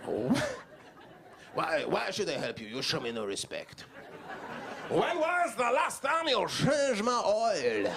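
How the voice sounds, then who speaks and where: A man's voice: sits high, wildly swooping pitch, slow pace, gravelly, a crowd in the background, noisy background, pitched above the performer's own voice, exaggerated voice. A man voicing a sulky, indignant talking car that scolds its owner.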